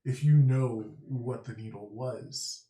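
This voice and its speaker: Mellow man reasoning through a puzzle. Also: mid-range voice, slow. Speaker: player. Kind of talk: casual tabletop play. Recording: echoey room, mic at a distance.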